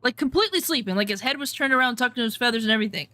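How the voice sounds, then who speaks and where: A woman telling rambling, animated anecdotes in a casual chat, full of swearing. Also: on the high side, rapid-fire, no room sound. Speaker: storyteller.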